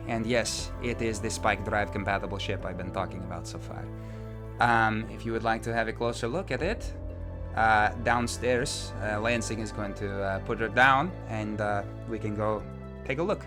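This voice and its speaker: A man voicing a poised, secretive woman leader who speaks in a calm, measured, formal way. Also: on the low side, over music, natural voice. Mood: proud.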